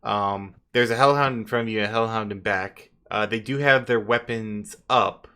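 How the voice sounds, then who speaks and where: A man's voice: fairly low pitch, normal speed, bright, forceful tone, clean tone. A man running a tabletop game as game master, narrating loosely with chuckles and fillers.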